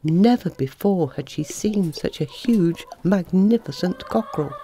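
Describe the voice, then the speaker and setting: A woman narrating a children's storybook with a lively, expressive reading. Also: fairly low pitch, unhurried, a little hiss or hum. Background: soft music.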